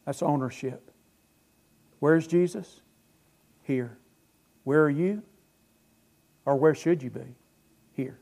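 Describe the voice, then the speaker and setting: A man preaching a sermon as pastor, emphatic, asking the congregation questions and answering them, his loudness swinging between phrases. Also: fairly high pitch, slow pace, vocal fry, long pauses.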